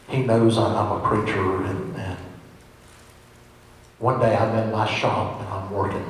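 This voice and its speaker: A man's voice: on the low side, distant mic. A man preaching an earnest sermon as pastor, building up to emphatic peaks. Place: large echoey church hall. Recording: echoey hall with faint hiss.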